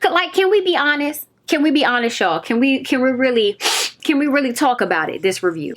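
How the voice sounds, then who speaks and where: A young woman with a fairly high voice talks through a TV episode review. She is emphatic and casual, repeats her points for effect, and speaks straight to her viewers. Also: expressive, fairly quick. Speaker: TV review vlogger.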